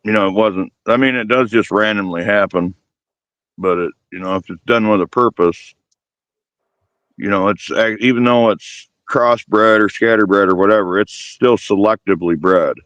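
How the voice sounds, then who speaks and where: A man's voice: lowish voice, moderate pace, fairly bright tone, dry recording, dull audio. A man who breeds working dogs, explaining his views in an easygoing way, with many fillers. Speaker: dog breeder guest. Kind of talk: casual podcast discussion.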